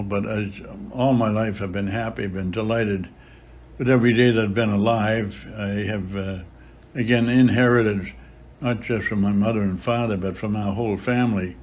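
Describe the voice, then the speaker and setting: In an interview with slight background noise, a priest around 100 years old from the Boston area looks back on his life. His voice is low and male, and he tells his stories slowly, with many filler pauses.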